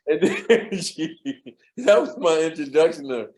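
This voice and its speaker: Speaking a little high and a little slowly, a man on an interview relaxes into anecdotes about an old job. He chuckles a lot, slips into the voices of the people he quotes, and repeats himself on certain words as he remembers.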